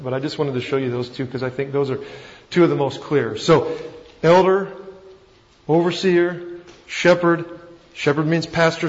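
Man, Texan accent, pastor teaching a sermon, folksy and self-deprecating, muffled sound, long hall echo. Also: on the high side. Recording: dull recording with long hall reverb.

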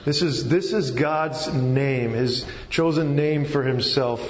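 A man's voice: medium pitch, slow pace. A man preaching a sermon, explaining step by step and checking in with his listeners. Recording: echoey hall, slightly dull sound.

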